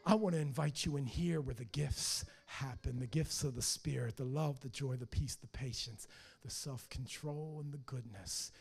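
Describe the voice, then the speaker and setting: A man preaching a fiery sermon as pastor, swinging from hushed lines to shouted ones. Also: mid-range voice, normal speed, vocal fry, husky.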